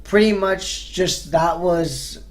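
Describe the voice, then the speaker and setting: A young man in his late teens telling a story casually, animated and swearing, acting out the people in it. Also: high-pitched, slow pace. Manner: animated, swearing, quoting others in voices. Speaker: vlogger.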